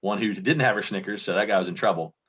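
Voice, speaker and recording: A man's voice: on the low side, fast, a bit bright, breathy edge. A man from Kentucky, a contest entrant being interviewed, chatting casually with rambling, self-deprecating stories over a video call. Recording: dull lo-fi sound.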